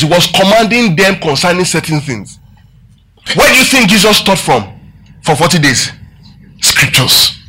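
A man's voice: high voice, pushed and bright, slightly rough, poor audio. A man preaching a sermon to a congregation, asking them questions and having them repeat lines after him. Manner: preaching with call-and-response and rhetorical questions. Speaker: pastor.

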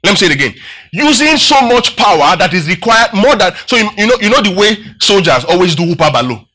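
A male preacher teaching from scripture in a high, bright voice. He keeps quizzing the congregation and repeats key phrases to drive them home. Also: very animated, fast. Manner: asks the congregation questions, repeats phrases for emphasis. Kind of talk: Bible-teaching sermon.

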